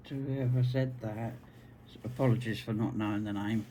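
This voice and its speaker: A woman's voice: rumbling low, steady tone, moderate pace, a little hiss or hum. An English woman with a rambling, chatty manner, talking casually to viewers while she machine-quilts. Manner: rambling, chatty, self-deprecating asides. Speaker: quilting channel host. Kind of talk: casual chat while sewing. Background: loud music and a whirring sewing machine.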